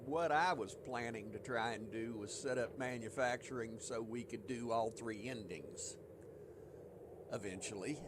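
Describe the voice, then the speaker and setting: A man's voice: mid-range voice, a little slow, noisy background. A man with a Southern US accent, joking and chuckling with a co-host while streaming a game. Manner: joking, teasing, chuckles often. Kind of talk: casual live-stream chat.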